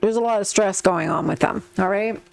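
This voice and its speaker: A woman's voice: medium pitch, brisk, vocal fry. Chatty woman reading tarot cards. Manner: chatty, repeats herself, acts out quotes. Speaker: tarot reader.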